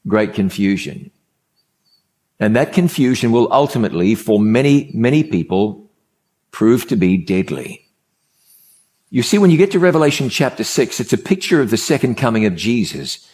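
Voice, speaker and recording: A man's voice: mid-range voice, a little mellow. A man preaching a sermon, telling a story in an emphatic way and repeating key phrases for effect.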